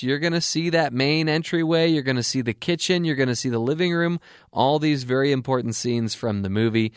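A man co-hosting a casual entertainment news chat, chatty and quick with interjections. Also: on the high side, no echo, studio quality. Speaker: co-host.

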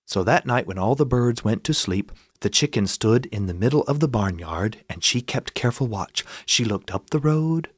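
A man from South Carolina, telling a story and breaking into high squawking bird noises. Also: lively intonation, moderate pace, few pauses, slightly rough, no room sound, clean studio sound.

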